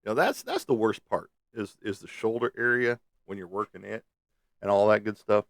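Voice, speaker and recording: A man's voice: on the low side, moderate pace, vocal fry, no room sound, clean studio sound. A middle-aged man chatting on a live stream from a room at home, blunt and profane, rambling between topics. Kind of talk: casual live stream chat. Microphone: webcam on a live stream.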